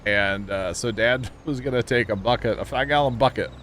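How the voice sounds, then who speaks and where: A man's voice: medium pitch, brisk, fairly bright tone, slight background noise. A man streaming a farming game, chatting casually and rambling with lots of fillers. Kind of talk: casual livestream chat while gaming.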